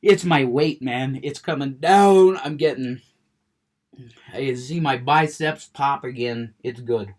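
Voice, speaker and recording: A man's voice: mid-range voice, slow pace, a little mellow. A man ranting with heavy cursing, getting worked up, then chatting about a video game he is playing. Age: adult, smoker. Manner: profane, ranting, gets worked up, curses a lot. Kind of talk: unfiltered rant and gameplay chat.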